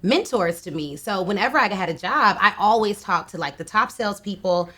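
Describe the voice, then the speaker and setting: A woman in her thirties speaks as a podcast guest, recounting her working past with energy. She laughs often and talks in a relaxed, conversational way. Her voice sits at an ordinary middle pitch. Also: fairly quick. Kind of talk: casual interview conversation.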